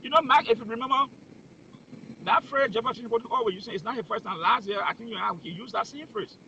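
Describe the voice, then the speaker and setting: A man's voice: very high voice, fast, gravelly, pushed and bright, highs cut off, slight background noise. A man giving heated political commentary, emphatic and full of rhetorical questions.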